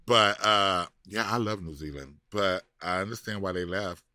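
A man's voice: low voice, moderate pace, sharp tone, no room sound, studio quality. A man co-hosting a podcast in casual chat, sassy and drawling, laughing often. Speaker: podcast co-host.

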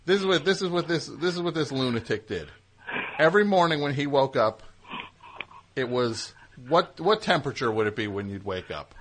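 A man's voice: medium pitch, animated, moderate pace, a bit bright. A man hosting a call-in comedy show. He needles callers playfully and spins long rambling bits. His voice sits in a middle, everyday range. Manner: teasing, riffing in long rambling runs. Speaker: radio show host.

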